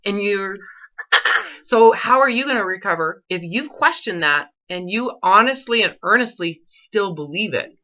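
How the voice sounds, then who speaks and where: A woman's voice: mid-range voice, animated, a little slow, sharp tone, dull audio. A woman coaching a client on eating disorder recovery, blunt and pressing, swearing and repeating her questions. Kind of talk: confrontational coaching session.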